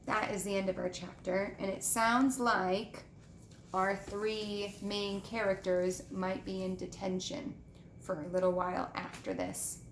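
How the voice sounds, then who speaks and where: A woman reading a children's book aloud with gentle, expressive storytelling and showing the pictures. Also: medium pitch, measured pace, a little hiss or hum. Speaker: reader. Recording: echoey room with faint ambience.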